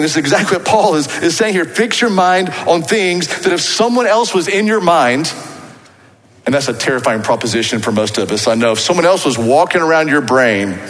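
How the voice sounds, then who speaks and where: Pastor preaching in a reverberant hall. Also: male voice, a little high, fairly bright tone. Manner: earnest, rising to emphatic exhortation. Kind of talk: sermon. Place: church sanctuary. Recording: long reverb of a church hall.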